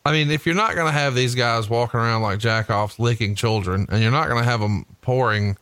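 A man's voice: medium pitch, fairly quick, fairly bright tone, clear, resonant tone, no room sound. Profane joking man. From Alabama, US. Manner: profane, jokey, laughs a lot. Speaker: wrestling podcast co-host. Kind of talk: casual chat, watching old wrestling.

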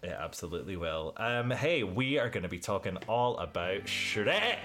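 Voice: deep voice, very animated, normal speed, a bit bright, faint music behind. Playful Scottish podcast co-host. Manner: playful, teasing. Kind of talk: casual chat.

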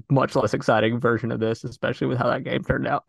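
A male podcast host in casual chat with a deadpan, self-deprecating humor. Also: medium pitch, fairly quick, gravelly, husky, no room sound, studio quality.

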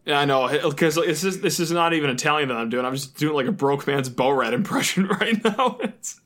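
A man's voice: a little high, expressive, fairly quick, a bit bright. A man co-hosting a sports podcast, rambling and self-deprecating, laughing often at himself. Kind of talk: casual sports chat.

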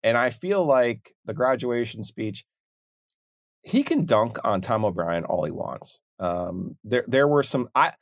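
A man hosting a podcast, talking in a measured, conversational way. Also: medium pitch, no echo, studio quality. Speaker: podcast host.

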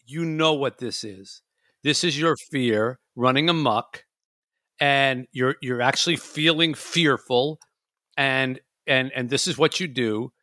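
A man's voice: medium pitch, takes it slowly, no echo, studio quality. A man hosting a casual talk show, chatting and acting out his own inner voice. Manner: animated, acts out his inner voice. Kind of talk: casual chat.

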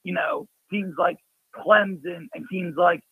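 Raspy caller on a tinny phone line. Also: male voice, sits high, steady tone, a little slow, dry recording. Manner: rambling, frank fan talk. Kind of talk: casual call-in chat.

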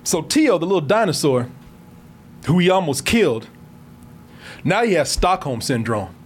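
A man hosting a loose, comedic movie chat. His voice sits high and bounces all over as he laughs and acts out lines from the film. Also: moderate pace, slight background noise. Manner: laughing, animated, acts out quotes.

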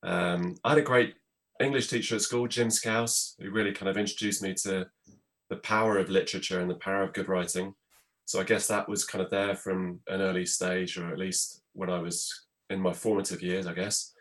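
A man who runs a theatre company, talking in a casual panel chat in a measured, reflective way. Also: low-pitched, steady tone, a bit bright. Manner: measured, reflective, says "I guess". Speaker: theatre producer.

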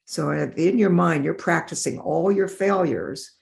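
A middle-aged woman in a podcast interview, telling stories in an animated way and acting out the voices of the people in them. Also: fairly low pitch, measured pace, vocal fry. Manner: animated, acts out voices in her anecdotes. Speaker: developmental optometrist.

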